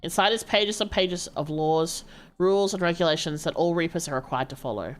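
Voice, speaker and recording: A woman streamer reading a story game aloud, narrating in an expressive way. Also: lowish voice, brisk, soft background music.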